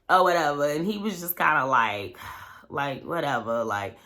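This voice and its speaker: A woman's voice: deep voice, expressive, moderate pace, pushed and bright. A woman vlogger recapping a reality show in a loose, chatty way, full of "like" and "you know what I'm saying". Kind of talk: casual storytelling recap.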